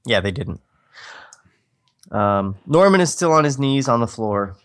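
A man's voice: medium pitch, lively intonation, a little slow. A man reading aloud an old screenplay and joking about it in a wry, profane way. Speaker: co-writer reading his screenplay. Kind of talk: script reading with comic commentary.

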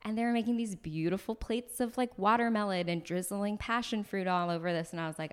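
A woman from Los Angeles, a podcast guest, telling a story in a chatty, animated way, full of likes and ums, recorded in an apartment. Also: medium pitch, a little fast, hardly any pauses, clean tone. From Los Angeles, USA. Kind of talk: casual conversational storytelling. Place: floor of a new apartment.

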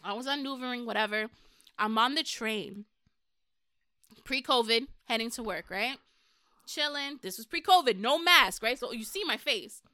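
A woman's voice: on the high side, lively intonation, moderate pace, sharp tone, dry recording, studio quality. A woman, a podcast guest chatting casually, frank and profane, telling stories with animation. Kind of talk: casual chat.

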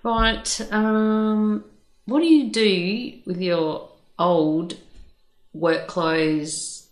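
A woman's voice: medium pitch, fairly even intonation, drawn-out words. An older woman, hosting a frank, casual chat and swearing easily as she talks about work. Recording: roomy echo.

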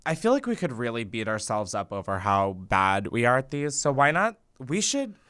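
A woman co-hosting a podcast in casual chat, bubbly and jokey, quick to laugh. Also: extremely low pitch, big pitch swings, fairly bright tone, no echo, clean studio sound. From the Valley, California. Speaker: podcast co-host.

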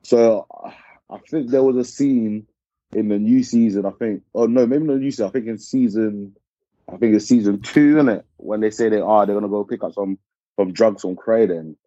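A man's voice: on the low side, moderate pace, dark tone, no room sound. A man with a South London accent chatting casually, hedging and thinking aloud. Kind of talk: casual chat. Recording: dull lo-fi dry sound.

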